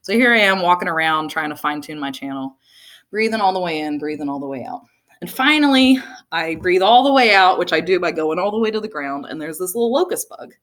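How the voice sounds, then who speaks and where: This young woman shares a personal tale onstage at a slightly fast pace, her voice a touch on the low side. Her delivery is lively, full of laughter and frequent uses of "like."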